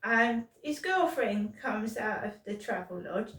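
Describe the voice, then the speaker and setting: A middle-aged British woman vlogs while in pain, rambling and swearing with frequent restarts and stumbles. Her voice is medium-pitched, expressive, slow and fairly bright, in an echoey room far from the mic, as a rambling personal monologue.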